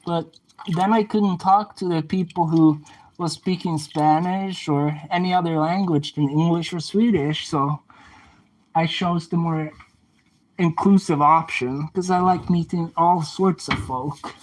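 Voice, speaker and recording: A man's voice: high-pitched, fairly even intonation, slow, poor audio. A young man livestreaming casually, chatting back to viewer comments and playfully trash-talking an oven as he cleans it.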